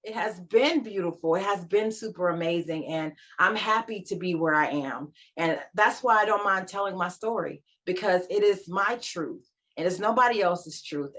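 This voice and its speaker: A woman in her forties, a life coach, talking about her life as a podcast guest, animated and emphatic. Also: fairly low pitch, moderate pace. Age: 40s. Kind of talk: casual interview chat. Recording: slightly dull lo-fi sound.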